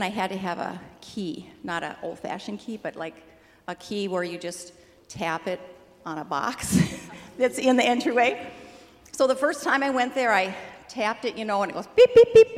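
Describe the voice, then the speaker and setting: An older woman telling a personal testimony in a lively, animated way, laughing easily as she tells the story. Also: mid-range voice, big-room sound. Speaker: church member sharing a testimony.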